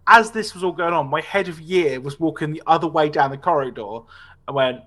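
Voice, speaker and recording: Bright-voiced man telling stories, swearing. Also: on the high side, fast. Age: 20s. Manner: animated, sweary anecdote telling with frequent "right?" tag questions. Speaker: podcast host. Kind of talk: casual storytelling chat.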